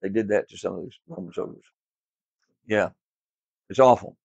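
A man's voice: fairly low pitch, moderate pace, gravelly, a little mellow, no room sound. A man teaching a class Bible lesson, emphatic and repetitive, quizzing his students in a classroom. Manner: emphatic, repeats key words, quizzes the class. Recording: dull lo-fi, dry.

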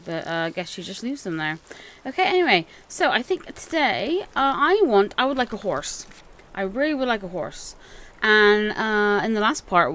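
Excitable woman commenting on gameplay. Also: medium pitch. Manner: excitable, thinks aloud, exclaims often. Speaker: let's play gamer.

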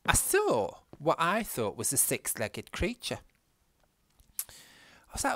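A man's voice: mid-range voice, wildly swooping pitch, brisk, a bit bright, no room sound. A man with a Northern English accent, chatting casually and swearing freely as he tells a story while playing a game. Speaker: gaming vlogger.

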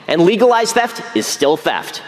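A man delivering a speech, arguing rapidly and emphatically. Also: high-pitched, big pitch swings, echoey room, long reverb tail. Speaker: public speaker.

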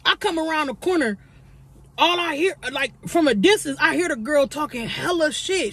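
A young woman with a high voice tells a story to her camera between bites. Her delivery is animated, she slips into the voices of the people she describes, and she swears freely. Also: normal speed. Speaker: vlogger. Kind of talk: storytime while eating on camera.

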